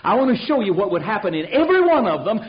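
A man's voice: high voice, big pitch swings, fast talker, highs cut off. A man preaching a fiery sermon, emphatic and rhetorical, calling out questions to his congregation.

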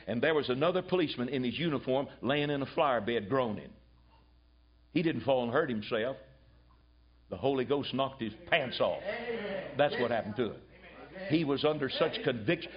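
An older man preaching a fiery revival sermon, swinging from loud exhortation to hushed asides. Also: mid-range voice. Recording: dull lo-fi sermon recording.

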